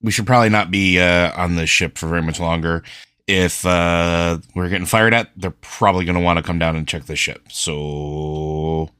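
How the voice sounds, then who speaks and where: A man's voice: sits low, fairly even intonation, moderate pace, a bit bright, clear, resonant tone. A man playing a tabletop game in a dry, matter-of-fact way. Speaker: player. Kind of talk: tabletop game role-play.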